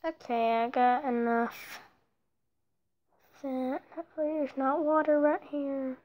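A woman's voice: sits high, fairly even intonation, slow pace, dull audio. A woman giving sparse let's play commentary on her own game, muttering to herself as she plays. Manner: sparse, muttered self-talk. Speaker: gameplay video creator.

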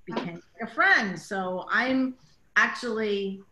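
A woman's voice: mid-range voice, animated, slow pace, sharp tone. A woman director chatting in an interview, telling behind-the-scenes stories with many casual fillers and acted-out quotes. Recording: roomy echo.

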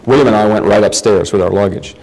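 A man's voice: lowish voice, fast talker, darkish tone, low-quality recording. A middle-aged man from the United States giving a lecture, telling family anecdotes with wry humor and frequent restarts. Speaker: guest lecturer.

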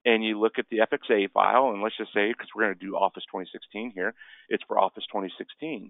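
A man's voice: lowish voice, gravelly, dry recording. A man giving a casual webinar presentation, chatty and tagging sentences with "right?". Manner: chatty, peppers speech with "right?". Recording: tinny phone-line sound, dry.

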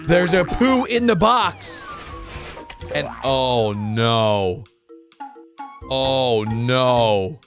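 An excitable man hosts a cartoon reaction video at a mid pitch, and his voice leaps wildly up and down as he calls out what happens. He laughs often and narrates in a casual, chatty way over clear background music. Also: drawn-out words, long pauses.

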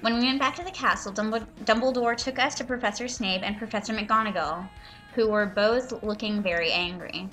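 A woman reads a story aloud over a voice call and mocks it as she goes. Her voice is bright and forward, and her delivery is sarcastic and full of swearing. She is at a middle pitch for a woman. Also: brisk, faint music behind. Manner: sarcastic, swearing, breaks into laughter. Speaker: reader and commentator. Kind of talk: mocking dramatic reading with commentary.

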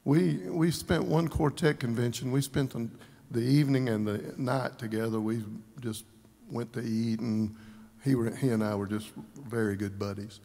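A man giving an informal eulogy, telling folksy stories with chuckles and throat-clearing. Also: medium pitch, steady tone, moderate pace, warm tone. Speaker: memorial service speaker. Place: large church sanctuary. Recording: long church reverb.

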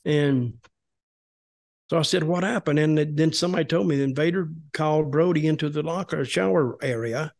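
A man's voice: fairly high pitch, normal speed, gravelly, darkish tone. An older American man casually telling a long story, rambling with restarts and acting out what others said. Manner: rambling, restarts, acts out quoted voices. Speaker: storytelling guest, former wrestler.

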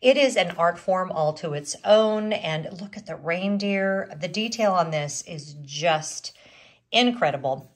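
A woman's voice: on the low side, fairly bright tone. A middle-aged woman with a Southern US accent, chatting casually in a vlog about her shopping haul, often breaking off mid-sentence. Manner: rambling, self-interrupting. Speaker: vlogger.

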